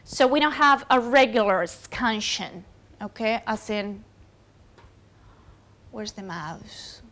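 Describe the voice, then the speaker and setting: A woman's voice: on the high side, animated, slow pace, a bit bright. A woman whose first language is Spanish, giving a recorded university lecture with many fillers and self-corrections.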